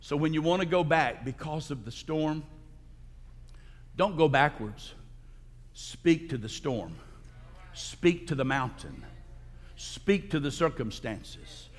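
A male pastor giving a sermon in a church sanctuary, preaching emphatically and breaking into loud, high outbursts. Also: expressive, takes it slowly, pauses often. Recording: long hall reverb.

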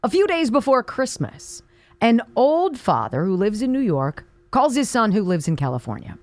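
A woman's voice: a little high, normal speed, no room sound. A woman hosting a radio show, reading jokes in casual banter and laughing often. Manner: laughs often, lively joke delivery. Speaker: radio host.

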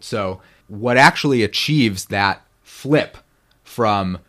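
Deep-voiced yet fairly bright, a man guesting on a podcast takes his time explaining biblical Hebrew in a teacherly manner. As a Bible scholar, he pronounces the Hebrew carefully and frequently tosses in "right?".

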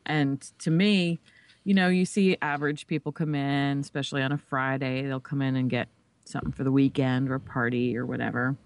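A man's voice: mid-range voice, fairly even intonation, brisk, clear, resonant tone. Joking man co-hosting over beers. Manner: joking, teasing, laughs often. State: drinking beer. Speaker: podcast co-host. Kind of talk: casual chat.

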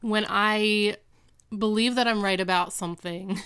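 A woman in her thirties with a smooth, clear voice talks in a casual podcast chat, recapping a TV episode with lively quoted voices. The sound is dry and close. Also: medium pitch, a little slow, no echo. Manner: chatty, animated retelling with quoted voices. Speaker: podcast co-host.

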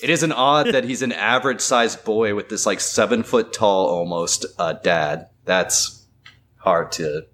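A man's voice: fairly low pitch, a little slow, a bit bright. A man on a comedy podcast making wry, teasing comments while a story is read. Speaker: podcast co-host listening and joking. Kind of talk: casual chat.

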